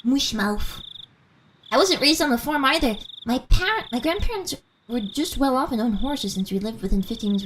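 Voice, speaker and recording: A young woman with a slight American mountain accent chats casually with viewers during a game stream, giggling as she goes. Her voice sits at medium pitch, and she rambles in a giggly, animated way over a little hiss or hum.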